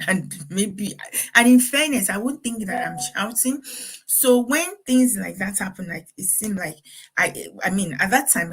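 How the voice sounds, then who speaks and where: A middle-aged woman with a husky, medium-pitched voice shares heartfelt, faith-based guidance on parenting, breaking into laughter every so often.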